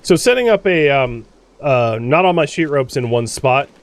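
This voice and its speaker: A man's voice: medium pitch, animated, moderate pace, noisy background. A man hosting a let's play, chatting casually through gameplay, exclaiming and grumbling at the game.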